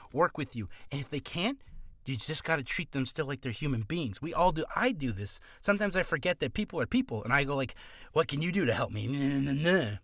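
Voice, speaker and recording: A man rambles through casual vlog advice in a jokey, self-deprecating way. His voice sits a bit high and swings widely in pitch. The sound is dry and close. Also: fairly bright tone, dry recording. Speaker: voice actor.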